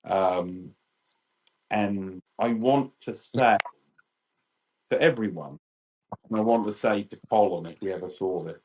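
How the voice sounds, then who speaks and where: A British man in his fifties, a podcast guest telling lively anecdotes and acting out quotes. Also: low-pitched, slight background noise, rough recording. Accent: British English. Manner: animated, acts out quotes. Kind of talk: storytelling chat.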